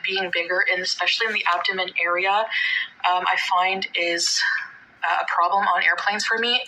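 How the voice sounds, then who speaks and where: Woman vlogger, tense bright tone, lower pitch, rambling chatty delivery. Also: fairly even intonation, moderate pace, poor audio. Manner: rambling, many fillers and restarts. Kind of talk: casual storytelling vlog.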